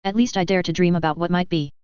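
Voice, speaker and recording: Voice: medium pitch, steady tone, fast talker, a little mellow, smooth, dry recording, lo-fi sound, natural voice. A narrator voicing a sarcastic young female soldier who complains and snaps back. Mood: snappy. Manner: snappy, complaining.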